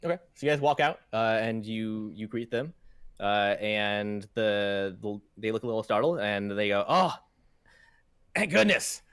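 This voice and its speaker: Low-voiced halting game master, man. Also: steady tone, smooth, dry recording. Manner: halting, heavy with fillers. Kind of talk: narrating a tabletop game.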